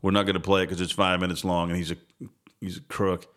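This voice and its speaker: A man's voice: low voice, little pitch movement, fast, a bit bright. A man hosting his own podcast, rambling through casual political commentary with a sarcastic, self-interrupting manner. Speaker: podcast host.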